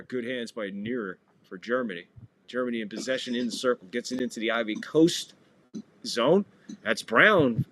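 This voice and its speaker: There's a little hiss or hum behind this man's mid-range, fairly bright voice. As a podcast host and commentator, he delivers casual live football play-by-play, full of jokes and playful stumbles over foreign names.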